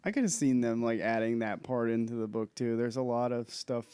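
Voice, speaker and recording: A man's voice: mid-range voice, brisk, mellow, clear, resonant tone, no room sound. A man co-hosting a podcast in casual chat, laid-back, giving short replies and laughing often. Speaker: podcast co-host.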